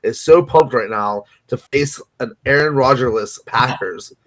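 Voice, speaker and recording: A man co-hosting a casual sports betting podcast. He rambles through his picks, hedging and restarting his sentences with plenty of ums. His voice sits at an ordinary pitch. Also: unhurried, fairly bright tone. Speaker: podcast co-host.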